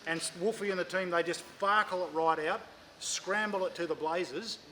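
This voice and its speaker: A man's voice: high voice, moderate pace, sharp tone, slight background noise. An Australian man, a motorcycle magazine editor, bantering casually on location, jokey and chatty, ending lines with "mate". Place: motorcycle dealership.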